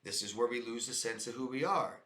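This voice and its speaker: A medium-pitched man talks fairly quickly, his voice pushed and bright in a reverberant space. The clip is a direct-to-camera advice monologue where he coaches viewers on life, calls them "guys," and repeats himself for emphasis.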